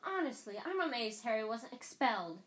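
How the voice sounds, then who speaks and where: A woman's voice: fairly high pitch, sing-song, brisk, reverberant. A woman voicing an earnest, serious young schoolgirl who scolds her friends, in a storybook reading.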